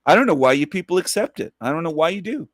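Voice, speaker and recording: A man's voice: fairly high pitch, very animated, fast talker, no room sound, studio quality. A man hosting a livestream who speaks in an emphatic, profane, repetitive rant. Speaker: livestream host.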